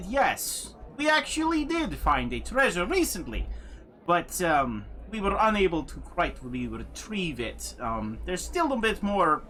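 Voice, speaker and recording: A man voicing a shady male treasure-hunter who talks fast and overly friendly. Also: a little high, pushed and bright, a little hiss or hum, voice pushed up, heavily acted. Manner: eager, fawning, overly friendly.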